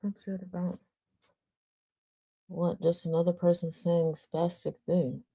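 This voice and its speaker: A woman's voice: on the low side, level tone, measured pace, warm tone, breathy edge. A woman hosting an internet radio show, chatting casually with her audience, teasing them and laughing often. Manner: talks straight to the audience. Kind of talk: casual livestream chat.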